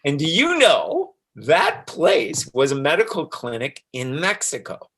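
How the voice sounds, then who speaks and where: Animated man telling his story, high-ish voice. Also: a little slow, breathy edge. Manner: animated storyteller, acts out quoted dialogue, laughs often. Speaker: interview guest. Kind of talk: casual storytelling interview.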